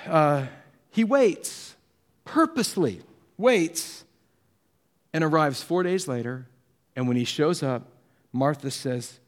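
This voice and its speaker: A man preaches as a pastor, his voice a little high, weaving in stories where he acts out what people said. Sometimes he drops to a hush, and other times he gets animated.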